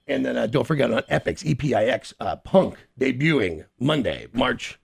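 Casual guest: man, gravelly and husky voice, lively up-and-down delivery, stammers and restarts. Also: medium pitch, normal speed. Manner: rambling, stammering, laughs often. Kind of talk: casual chat.

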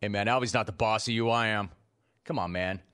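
Animated man hosting a radio talk show. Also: on the low side, brisk, clear, resonant tone. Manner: teasing, exasperated, ribbing his producer. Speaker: sports radio host.

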